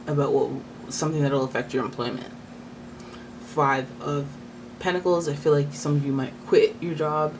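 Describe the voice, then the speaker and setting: Rambling man giving a tarot reading. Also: mid-range voice. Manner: rambling, thinking aloud with many likes and restarts. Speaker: tarot reader. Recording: steady background noise.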